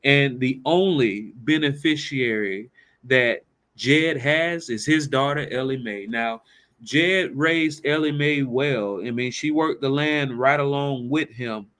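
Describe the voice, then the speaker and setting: A man's voice: mid-range voice, slow, fairly bright tone. A man presenting a workshop, telling a story and asking the audience rhetorical questions in a conversational way. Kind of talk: storytelling in a seminar talk.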